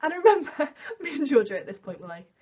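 Lively young woman telling a story. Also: sits high, quick pace. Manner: animated storytelling, acts out quoted voices. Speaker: vlogger. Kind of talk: storytime vlog.

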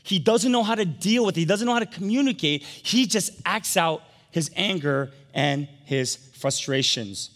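Animated male pastor in a reverberant church. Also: high-pitched, normal speed, few pauses. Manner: animated, rising to emphatic peaks and dropping to soft, quiet storytelling. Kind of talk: sermon. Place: large church sanctuary. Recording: long hall reverb from a church sanctuary.

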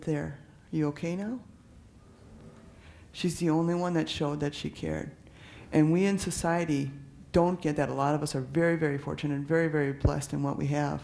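Male police officer, gravelly, a bit high, earnest public talk. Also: a little mellow. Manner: earnest, conversational, frequent restarts and fillers. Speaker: police officer speaking on trafficking.

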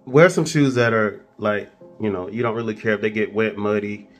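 A man, chatting casually in a travel vlog and telling a story with a relaxed, joking manner. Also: fairly low pitch, moderate pace, soft background music. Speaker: travel vlogger. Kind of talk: casual chat.

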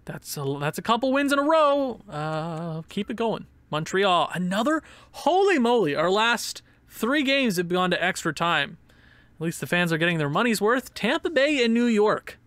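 A man's voice: sits high, sing-song, normal speed, a bit bright, no room sound. A man giving casual commentary over a sports game, sarcastic and exasperated, with bursts of pained laughter. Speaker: gaming YouTuber.

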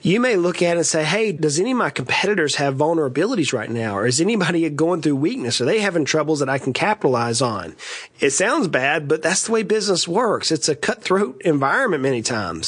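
A folksy middle-aged man with a drawl walks listeners through business planning in a relaxed podcast style. His voice sits a touch high for a man, and he drops in joking asides as he teaches. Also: fast talker, breathy edge. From East Tennessee. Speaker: podcast host and financial advisor. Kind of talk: conversational business lesson.

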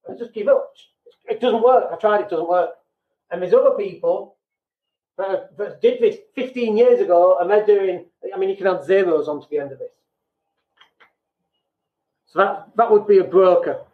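A British man with a fairly high voice talks bluntly and casually on his podcast, often joking at his own expense. The sound is thin and tinny, like a phone line, with a noticeable echo from the room. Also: moderate pace, pauses often. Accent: British English. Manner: blunt, self-deprecating, acts out quoted people. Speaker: podcast host. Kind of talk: casual business podcast talk.

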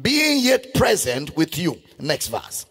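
A man preaching a sermon as pastor, shouting and half-singing scripture verses with great passion. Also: a little high, huge pitch swings, slow, creaky, breathy edge. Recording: long hall reverb with faint music.

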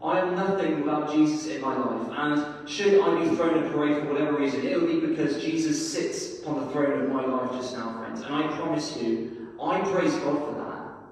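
A man's voice: a little high, normal speed, distant mic. Fervent male preacher in an echoey hall. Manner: earnest, fervent, addresses listeners as friends. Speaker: meeting leader, preacher. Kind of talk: sermon. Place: church hall.

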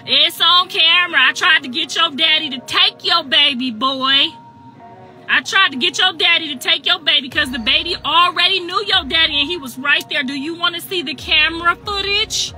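A woman's voice: very high voice, moderate pace, sharp tone, soft background music. A middle-aged woman ranting on a phone livestream, emphatic and repetitive, with a sassy edge.

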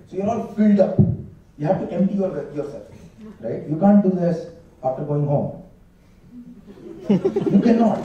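A man's voice: on the high side, dark tone, lo-fi sound, a little hiss or hum. A young man doing a stand-up comedy set, chatty and storytelling, acting out bits of dialogue. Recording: echoey hall, mic at a distance, audience laughing.

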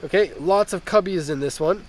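A young man, a little hoarse from being sick, giving a casual walkaround review from inside a minivan, chatting with jokey tangents into a handheld camera. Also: sits high, moderate pace, slight background noise. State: slightly hoarse from a recent illness. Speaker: car import dealer and reviewer.

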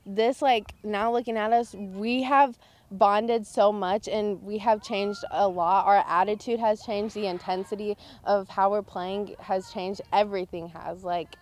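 A teenage girl in a post-game interview about her softball team. She talks with bubbly excitement and fills her answers with "like" and "honestly". Her voice sits at an ordinary pitch for a young woman. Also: measured pace. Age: teens. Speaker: high school softball pitcher.

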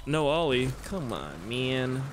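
Let's-play guy, lively and swearing, over a loud, noisy game-audio backdrop. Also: mid-range voice, slow pace. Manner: excitable, swears a lot, laughs at own jokes. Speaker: gaming YouTuber.

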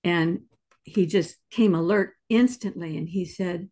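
A podcast host sharing a personal story in a quiet, reflective way during an interview. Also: medium pitch, measured pace. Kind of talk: conversational interview.

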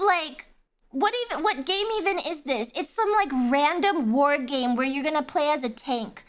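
A young woman streamer casually reacting, giggling often and swearing freely in an animated way. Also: high-pitched, normal speed, faint music behind.

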